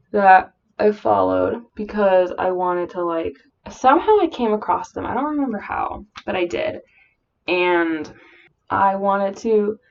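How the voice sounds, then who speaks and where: Casual vlogger: a woman with a mumbling, rambling delivery, some vocal fry, and a muffled lo-fi recording. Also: lowish voice. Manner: filler-heavy valley-girl chatter. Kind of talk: casual chat while doing makeup. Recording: dull lo-fi audio.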